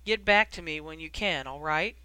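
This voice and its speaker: An audiobook reader voicing a weary, harried middle-aged wizard official who talks in a brisk, grumbling, wry way. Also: medium pitch, bright, forceful tone, clean tone, no echo, natural voice, low-quality recording.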